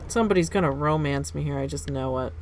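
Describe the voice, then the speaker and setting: A woman in her thirties, live-streaming a game and chatting in a casual, animated way that reacts loudly to the game. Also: sits low, fast talker, a little hiss or hum.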